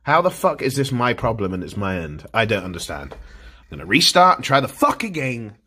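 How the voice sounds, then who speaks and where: A man's voice: mid-range voice, big pitch swings, a little fast, pushed and bright, breathy edge. A man livestreaming, ranting in exasperation about his internet, swearing constantly and repeating himself. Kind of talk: frustrated livestream rant.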